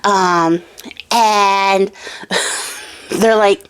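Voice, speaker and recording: A woman's voice: medium pitch, animated, moderate pace. Chatty young woman retelling a folktale. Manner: chatty, giggly, many fillers and restarts. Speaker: craft channel host. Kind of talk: casual storytelling.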